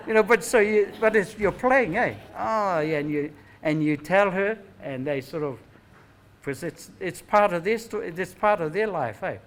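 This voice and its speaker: A man's voice: high voice, normal speed, a little hiss or hum, rough recording. An older man with a New Zealand accent, telling family stories in a rambling, reflective way at a gathering and often tagging his thoughts with "eh?". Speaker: speaker at a Māori knowledge gathering. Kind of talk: anecdotal storytelling talk.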